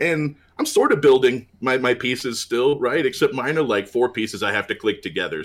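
A man's voice: mid-range voice, fairly bright tone. A man co-hosting a casual chat over a call, earnest and full of "uh" fillers. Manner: earnest, complimentary, hesitant with many fillers. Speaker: podcast co-host. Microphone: remote call with dropouts.

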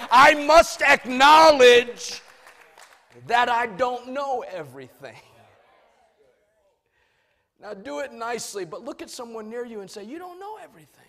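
A man preaching a sermon, swinging from loud shouts to soft asides. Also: very high voice.

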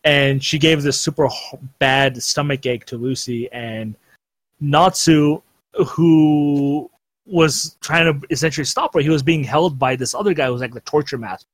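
A young man hosting a podcast chat, recapping episodes in a loose, rambling way and laughing often. His voice sits a little high for a man. The recording is close and dry with no room sound. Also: a little slow, dry recording. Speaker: podcast host. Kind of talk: casual anime recap chat.

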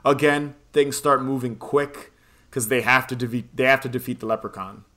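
Guy rambling through a movie plot, swears a lot, laughs, crisp bright voice. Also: mid-range voice, fairly even intonation, normal speed. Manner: rambling, profane, laughs often. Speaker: podcast co-host recapping a film. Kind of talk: casual chat.

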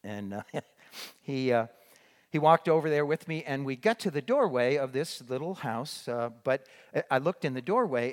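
An older man, a former missionary, telling a story in a rambling way with many restarts and fillers. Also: medium pitch. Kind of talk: storytelling talk.

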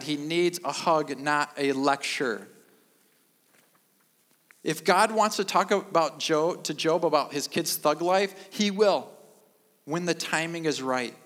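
A middle-aged man preaching a sermon as pastor, with a deadpan, self-mocking humor and emphatic repetition. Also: on the high side, takes it slowly. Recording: long reverb of a large hall.

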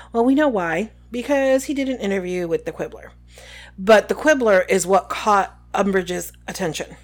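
A woman co-hosting a casual podcast, chatting and reading book passages aloud with lively voices for the quotes. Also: mid-range voice, moderate pace. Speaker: podcast co-host.

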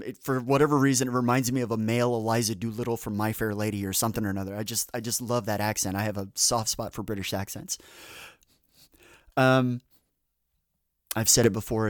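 A man's voice: lowish voice, no room sound, clean studio sound. A man hosting a podcast in casual chat, rambling through tangents with lots of fillers and restarts. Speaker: podcast host.

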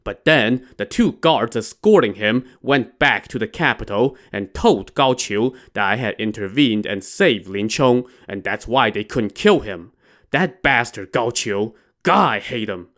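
A man's voice: on the low side, lively intonation, measured pace, fairly bright tone. Man retelling a classic with wry asides. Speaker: storyteller. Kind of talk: casual retelling of a classic novel.

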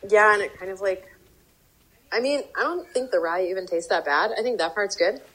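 A woman's voice: medium pitch, a little fast, low-quality recording. A young woman, a professional baker, chatting casually with many fillers while tasting a cake. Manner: rambling, many fillers, lively.

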